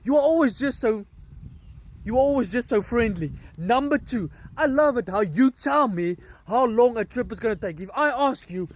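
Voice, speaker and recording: A man's voice: very high-pitched, animated, normal speed. A man living in America, talking animatedly and teasingly straight to his viewers. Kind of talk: casual vlog to camera.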